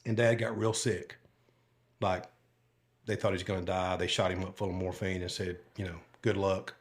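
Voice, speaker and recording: With a low-pitched voice that barely moves in pitch, at normal speed, a retired sheriff's deputy from Alabama tells stories on a podcast. The older man's casual interview is folksy and rambling, packed with fillers and asides.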